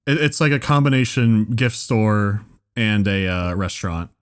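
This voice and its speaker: A man casually telling a long comedic story on a podcast, rambling with restarts and getting more excited as it goes. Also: on the low side, unhurried, smooth. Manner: rambling, restarts often, builds to excited animated retelling. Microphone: podcast microphone.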